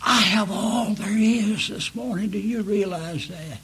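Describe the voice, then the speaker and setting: A man preaching a sermon, slow and earnest, pleading with his listeners and rising to emphatic peaks. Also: sits high, a bit bright, breathy edge, rough recording.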